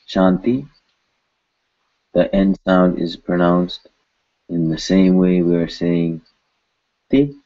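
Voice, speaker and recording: A man's voice: deep voice, muffled recording. A man teaching pronunciation, patiently repeating each word several times. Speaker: language teacher. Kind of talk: pronunciation lesson.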